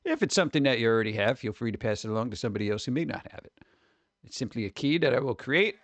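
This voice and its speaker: A man hosting a casual livestream, chatting with viewers in a jokey, excitable way, with sudden exclamations. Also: medium pitch, rapid-fire, no room sound. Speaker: livestream host.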